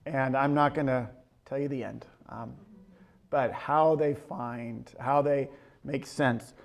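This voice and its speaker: A man's voice: mid-range voice, steady tone, slow pace, vocal fry. A man teaching a Bible study, telling a story in a conversational way with many ums and restarts. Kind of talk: casual teaching talk.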